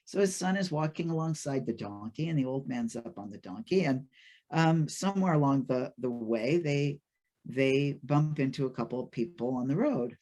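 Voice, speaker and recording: A man telling a folk fable in an informal lecture, chatty and halting, with many fillers and restarts. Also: medium pitch, lively intonation, dark tone. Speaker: storyteller and lecturer.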